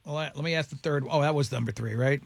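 A man's voice: a little high, gravelly, dry recording. A man hosting a radio quiz segment, chatting and teasing casually with co-hosts and a caller. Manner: chatty, teasing, quick asides. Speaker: radio show host.

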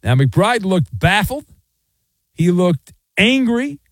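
A man's voice: high-pitched, slow, no echo. A middle-aged man hosting a sports talk radio show, ranting in a sarcastic, mocking way. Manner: sarcastic, mocking, animated rants. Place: radio studio.

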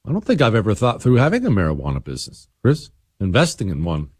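A man's voice: medium pitch, very animated, a little fast, breathy edge, no echo, studio quality. A middle-aged man hosting a talk radio show, sarcastic and teasing in his asides.

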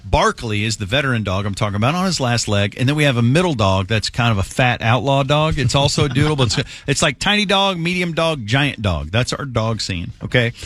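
Bright-voiced man telling a story. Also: brisk, hardly any pauses, dry recording. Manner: animated storyteller, shouts quoted lines in a high voice. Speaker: radio show host. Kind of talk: casual talk radio storytelling.

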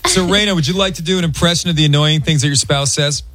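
Brief: upbeat male morning-show host, pitched a bit high, jokey, light music bed. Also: fast, fairly bright tone, no room sound. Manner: joking, playful teasing. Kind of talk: morning radio banter.

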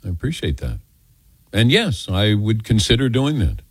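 A man's voice: on the low side, wildly swooping pitch, normal speed, breathy edge, dry recording. An older man hosting a call-in radio show, chatty and self-deprecating as he tells stories.

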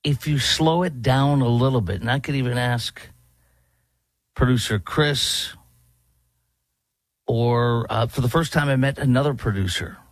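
A man's voice: medium pitch, measured pace, pauses often, dry recording. A male talk show host giving political commentary in a sarcastic, rambling way, often restarting his sentences. His voice sits in the middle range for a man. The sound is dry and close, with no room around it.

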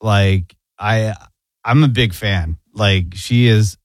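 A man's voice: fairly low pitch, slow, no echo, studio quality. A man co-hosting a casual podcast chat, enthusiastic and slangy, calling people dude.

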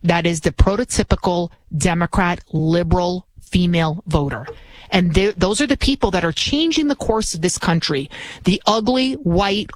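A woman's voice: mid-range voice, no echo. A woman in her forties, a talk radio host, delivering an indignant, ranting monologue into a studio microphone. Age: 40s.

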